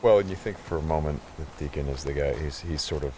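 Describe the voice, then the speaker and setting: A man's voice: rumbling low, fast talker, noisy background. A man interviewing a game developer, curious and asking follow-up questions. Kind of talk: interview chat.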